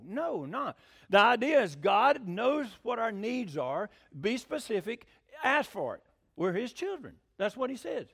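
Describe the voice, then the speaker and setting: A lively man preaches in a folksy, conversational way. His voice sits high and leaps around a great deal in pitch as he talks. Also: gravelly. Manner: animated, folksy, with swooping pitch. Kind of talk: sermon teaching.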